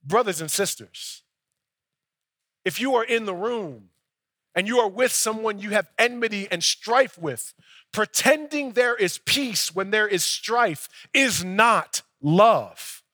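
A young male pastor tells a story from the pulpit in a loose, chatty preaching style, playing out both voices of each exchange. His voice sits high and sounds bright and forceful. The sound is close and dry, with no room echo. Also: lively intonation, slow. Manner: conversational storytelling preacher, acts out dialogue. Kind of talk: sermon.

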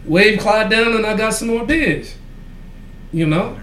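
Casual podcast co-host, male, high-pitched, profane and rambling; echoey room, faint background noise. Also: a little slow, fairly bright tone. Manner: profane, rambling anecdote telling with frequent fillers. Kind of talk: casual storytelling chat.

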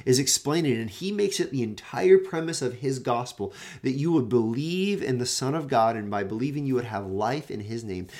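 A man's voice: mid-range voice, darkish tone. A man hosting a daily Bible teaching show, explaining a passage in an earnest, emphatic way and often repeating words as he builds his point.

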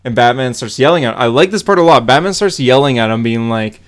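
A man's voice: mid-range voice, animated, fast, clean tone. A man talks through a comic book plot in loose, casual chat. He fills his speech with "uh" and "like" and keeps going as he recaps. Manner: rambling, many fillers, laughs while retelling. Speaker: podcast co-host.

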